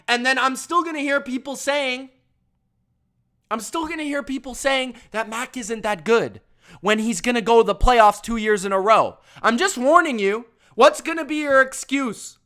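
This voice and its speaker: Very high-pitched and bright, this man speaks at a moderate pace with a forceful tone while hosting a sports review show. His casual opinion rant is emphatic and repetitive, and he addresses viewers as "bro."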